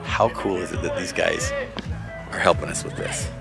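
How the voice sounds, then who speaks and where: A man's voice: sits low, moderate pace, creaky. A man hosting a casual vlog at a wedding, chatty and upbeat, laughing often. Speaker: vlog host. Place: outdoor wedding venue. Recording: music and crowd behind.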